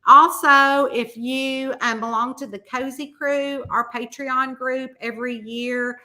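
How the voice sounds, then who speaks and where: A middle-aged woman talks to her viewers in a loose, folksy live-stream chat, drifting from story to story. Her voice is bright and forward, pitched a little high for a woman, and she calls everyone y'all. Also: fairly even intonation, takes it slowly. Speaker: mystery author hosting a live chat. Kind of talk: casual live-stream chat reading comments.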